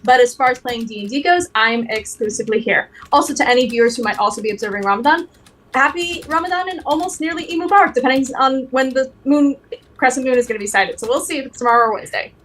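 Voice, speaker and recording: A woman's voice: high-pitched, fast talker, fairly bright tone. A woman player chatting through her social plugs, a little rambling, at the end of a game stream. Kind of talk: casual plug on a stream.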